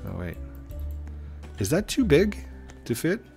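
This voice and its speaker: A man's voice: fairly high pitch, wildly swooping pitch, slow pace, gravelly, a little mellow, faint music behind. A middle-aged man hosting a gaming channel, chatting playfully and rambling to himself while he plays. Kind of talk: casual gameplay commentary. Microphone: desk microphone.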